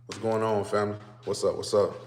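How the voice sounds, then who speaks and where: A man's voice: fairly low pitch, level tone, brisk, background noise. A man streams casually to his viewers from a phone on a stand. He repeats his greetings again and again, then rants as he lays out his point. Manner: repetitive greetings, then ranting explanation. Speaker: vlogger. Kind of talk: casual livestream talk to viewers.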